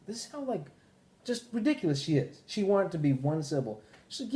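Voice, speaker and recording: A man's voice: fairly high pitch, sing-song, a little fast, darkish tone. A man hosting a podcast, ranting casually and profanely, with mock voices for the people he quotes. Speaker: podcast host. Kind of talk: casual chat.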